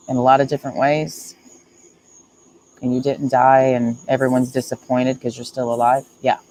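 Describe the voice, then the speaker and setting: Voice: mid-range voice, darkish tone, slight background noise, low-quality recording. A streamer talking in a casual livestream monologue, earnest and repetitive, speaking emphatically and confessionally.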